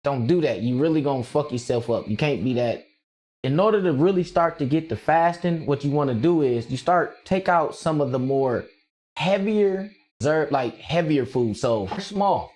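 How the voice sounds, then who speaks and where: A man streaming casually, rambling excitedly with lots of slang and frequent laughter as he reacts to his chat. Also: a little high, normal speed. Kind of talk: casual livestream rant.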